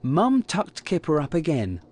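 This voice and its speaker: Man reading a kids' story, unhurried and animated. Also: fairly high pitch. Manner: slow, lively storytelling. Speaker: storybook reader. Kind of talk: children's story read aloud.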